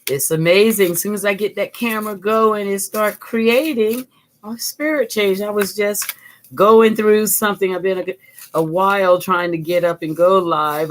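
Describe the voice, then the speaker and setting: A woman's voice: fairly low pitch, slight background noise. A middle-aged woman, hosting a live craft tutorial and chatting with viewers in an upbeat way as she works at her desk. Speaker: art teacher, channel host. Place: home craft desk, indoors.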